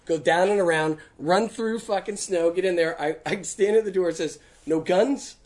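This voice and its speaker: A man's voice: high-pitched, normal speed, a little mellow. A middle-aged man co-hosting a casual podcast chat, telling a rowdy, profane story and acting out the people in it. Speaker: podcast co-host.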